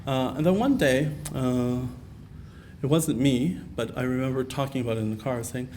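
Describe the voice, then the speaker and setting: A man's voice: medium pitch, normal speed, dark tone, a little hiss or hum. A man from Canada giving a keynote talk at a conference, earnest and personal, telling stories with many fillers. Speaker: keynote speaker. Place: conference hall.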